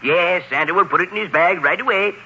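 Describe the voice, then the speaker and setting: A man's voice: high voice, fast talker, sharp tone, muffled recording. A man playing a hearty, chuckling, kindly old Santa in a 1940s radio play. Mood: jolly. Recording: old radio recording, faint hiss.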